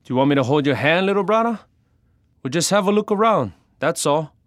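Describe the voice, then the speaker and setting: Man voicing a cocky teen older brother, taunting, raised high voice, loud. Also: animated, slow, dry recording, studio quality. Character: mocking teen older brother, bold and reckless.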